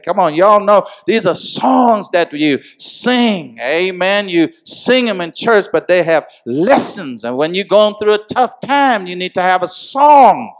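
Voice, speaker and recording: Preacher, male, high-pitched, congregational call-and-response sermon delivery, climbs from measured teaching to loud shouts. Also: lively intonation. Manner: repeats "come on, y'all" and "amen". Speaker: pastor.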